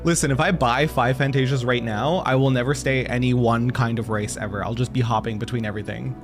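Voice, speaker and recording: A man streaming a game, chatting casually with his viewers in an excitable, gushing way. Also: medium pitch, brisk, music in the background. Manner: excitable, gushing, talks to chat.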